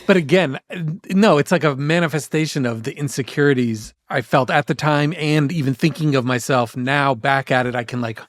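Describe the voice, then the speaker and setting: A man's voice: medium pitch, moderate pace, few pauses, no echo, clean studio sound. A man in his forties co-hosting a podcast, chatting casually in a rambling, self-deprecating way with frequent laughs. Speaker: podcast co-host. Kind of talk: casual chat.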